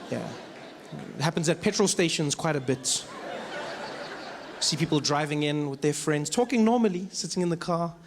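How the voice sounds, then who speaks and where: High-voiced South African comedian on stage. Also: male voice, background noise. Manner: animated storytelling, switches voices. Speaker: stand-up comedian. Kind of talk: stand-up comedy. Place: live comedy venue.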